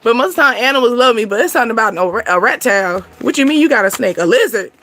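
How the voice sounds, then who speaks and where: A woman giving a relaxed, talkative tarot reading. Her voice sits high and sounds bright. She rambles in an animated way and laughs easily. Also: very fast. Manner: chatty, laughing, animated storytelling. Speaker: tarot reader. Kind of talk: casual tarot reading monologue.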